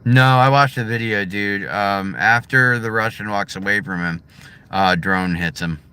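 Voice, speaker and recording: Middle-aged American man, low and bright-edged, blunt and profane, casual vlog chat outdoors. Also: a little slow, smooth. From United States. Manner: blunt, profane, swings between heated and subdued. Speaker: vlogger. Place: his driveway.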